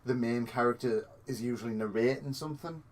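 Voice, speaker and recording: A man co-hosting a casual film review podcast, chipping in with short remarks and quick jokey asides. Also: medium pitch. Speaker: podcast co-host.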